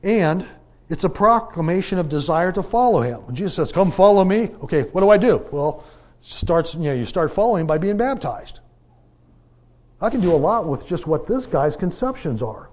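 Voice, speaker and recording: A man with a fairly high voice preaches in a loose, conversational Bible class style. He fires off rhetorical questions and leans hard on key words, his loudness rising and falling as he drives each point home. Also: moderate pace. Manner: animated, rhetorical questions, emphatic swings in loudness.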